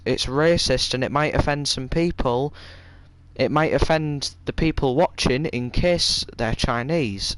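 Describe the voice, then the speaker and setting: Slow, rambling Yorkshire lad streaming. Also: male voice, mid-range voice, clean tone, poor audio. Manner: rambling, stop-start storytelling. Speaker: live-stream gamer. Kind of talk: casual live-stream chat.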